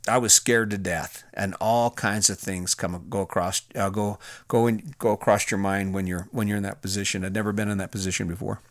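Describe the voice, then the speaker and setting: A middle-aged man tells his own story in a candid, plain-spoken way, full of restarts and fillers. His voice sits low. The recording is dry and close. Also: a bit bright, dry recording. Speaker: former federal prison officer. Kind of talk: personal storytelling to camera.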